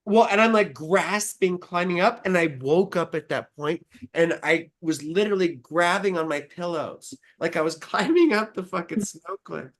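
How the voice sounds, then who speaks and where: A young adult woman, an astrologer, hosts a live astrology stream, chatting casually and telling animated stories laced with profanity. Her voice is on the low side, at a moderate pace with few pauses.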